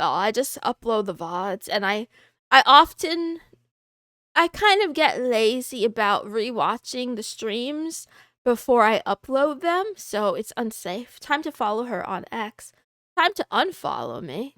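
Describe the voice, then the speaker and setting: A woman's voice: sits high, bright, forceful tone, no echo, clean studio sound. A woman livestreaming as a VTuber, chatting casually and playfully, greeting viewers one by one with wry, self-mocking asides. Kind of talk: casual livestream chat reading viewer messages.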